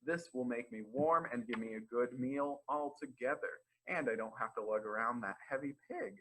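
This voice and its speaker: A man's voice: mid-range voice, lively intonation, normal speed, a bit bright, slight background noise, close to an everyday voice, low-quality recording. A man voicing a simple, easily pleased young man who talks to himself in delight during a children's storytime read-aloud. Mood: cheerful.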